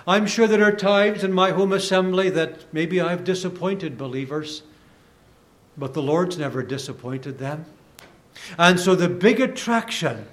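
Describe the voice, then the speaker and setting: A man preaching a sermon in an earnest, deliberate way, rising for emphasis and dropping softly at the ends of phrases. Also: a little high. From Canada.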